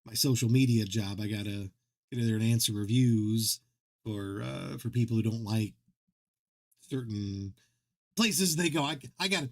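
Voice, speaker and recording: A man's voice: fairly low pitch, moderate pace, long pauses. Male streamer host; rambling, jokey, self-mocking casual chat. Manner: rambling, self-deprecating, joking, many restarts.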